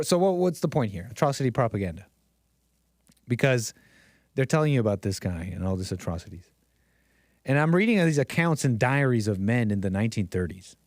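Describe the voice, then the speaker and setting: A man's voice: medium pitch, darkish tone, no room sound, clean studio sound. A man live-streaming a casual, rambling monologue, often laughing at himself and restarting his sentences. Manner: rambling, self-deprecating, frequent laughs and restarts.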